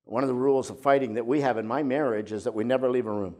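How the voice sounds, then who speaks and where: An older man preaching a sermon as a pastor, moving between emphatic points and soft, intimate asides. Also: lowish voice, very fast, few pauses. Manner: expressive preaching, drops to soft intimate tones.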